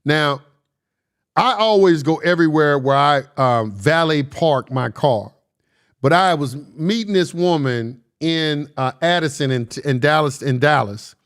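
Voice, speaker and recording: Reading scripture verses out loud, this male commentator discusses them casually, arguing with blunt emphasis and laughing frequently. His slightly high voice is animated, clear, and resonant, with a somewhat slow pace.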